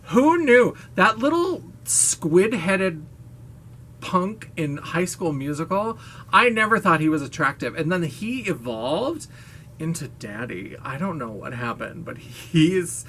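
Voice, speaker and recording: A woman's voice: on the low side, very animated, slow, a bit bright, a little hiss or hum. A woman vlogger talking casually to camera, gushing, playful and frank, with the odd swear word and laugh.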